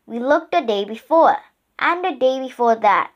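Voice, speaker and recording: A woman's voice: sits high, expressive, normal speed, muffled recording. A woman voicing a cautious, doubtful eight-year-old boy in a storybook reading, in a voice close to her own. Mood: grumbling. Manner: doubtful, sensible, a little exasperated.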